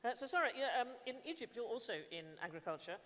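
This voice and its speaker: A woman moderating a live panel at an awards event, asking questions briskly and with encouragement. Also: a little high, big pitch swings, fairly bright tone. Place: large event hall. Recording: long hall reverb.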